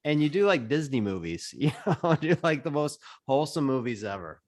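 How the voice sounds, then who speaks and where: A man's voice: on the high side, big pitch swings, brisk, a little mellow. A man co-hosting a podcast, making dry, playful jokes in casual chat. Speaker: podcast co-host.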